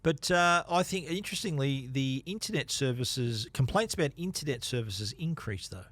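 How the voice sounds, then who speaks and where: A man co-hosting a tech podcast, talking casually with restarts and quick "yep" replies. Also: medium pitch, lively intonation, a bit bright. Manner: chatty, loose with restarts and "yep" fillers. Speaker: podcast co-host. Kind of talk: casual tech chat and read ad.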